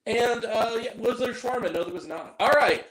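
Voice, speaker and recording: A man hosting a casual movie review show, talking in an animated, joking way with mock-angry rants. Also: very high voice, moderate pace, roomy sound, rough recording.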